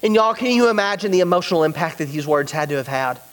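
A man with a drawl preaching in a high, light voice, earnest and emphatic as he works through scripture. His words ring out with a long, echoing reverb, as if from a large church sanctuary. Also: animated, fast talker, a bit bright. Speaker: pastor. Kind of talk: sermon.

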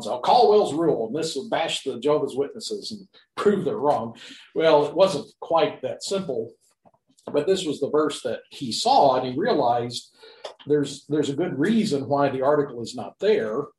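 A man's voice: medium pitch, darkish tone, roomy sound, rough recording. A man teaching the grammar of a Bible passage, talking unscripted with many fillers, restarts and rhetorical questions. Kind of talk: unscripted Greek grammar lecture.

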